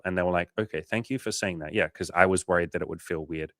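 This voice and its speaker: A man's voice: sits low, quick pace, few pauses, dry recording, studio quality. A man hosting a coaching livestream, telling stories casually with lots of swearing and acted-out dialogue. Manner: animated storytelling, swearing, acting out quoted dialogue. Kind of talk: casual livestream chat answering viewers.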